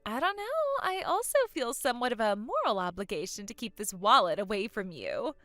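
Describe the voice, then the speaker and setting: A woman's voice: mid-range voice, very animated, a little fast, a bit bright, no echo, faint music behind. A woman voicing a spoiled, vain younger sister who taunts and giggles in acted story dialogue. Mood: taunting.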